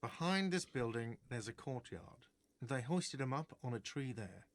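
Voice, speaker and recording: An actor playing a whiny, petty manager in a video game. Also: male voice, medium pitch, animated, a little slow, lightly acted. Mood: peevish. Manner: whiny, peevish.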